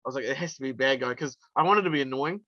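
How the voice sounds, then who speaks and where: A man's voice: mid-range voice, racing, pushed and bright, no room sound, dull audio. A male wrestler from New telling stories in a casual interview, chatty and laughing through his anecdotes with plenty of fillers. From New Zealand.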